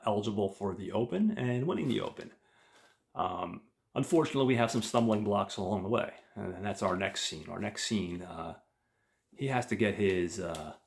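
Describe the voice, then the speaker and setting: Brief: podcast host, deep voice with fry, loose rambling storyteller. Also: male voice. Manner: rambling, with many fillers. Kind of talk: casual movie plot retelling.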